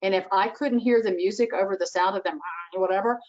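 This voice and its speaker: Woman expert on a webinar call, animated, acts out lines to a kid, muffled lo-fi audio. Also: mid-range voice, a little fast. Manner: animated, acts out what she would say to a child. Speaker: webinar expert answering parent questions. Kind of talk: advice in a webinar Q&A. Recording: dull lo-fi video call audio.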